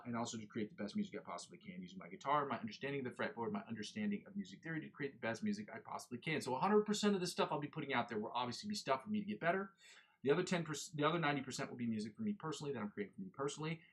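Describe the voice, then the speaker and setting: A man's voice: mid-range voice, slightly rough. A young man hosting a guitar livestream, chatting in a rambling, self-correcting way. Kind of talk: casual livestream chat.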